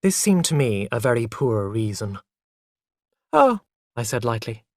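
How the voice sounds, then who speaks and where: Lively, expressive storybook narrator. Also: medium pitch, normal speed, no room sound, clean studio sound. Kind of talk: storybook narration for English learners.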